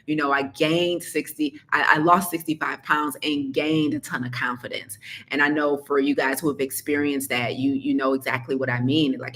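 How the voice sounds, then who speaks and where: A woman's voice: low-pitched, a bit bright, a little hiss or hum. A woman health coach talking straight to her listeners, sassy and emphatic, repeating points for effect. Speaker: health coach and podcast host. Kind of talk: direct-to-listener motivational talk.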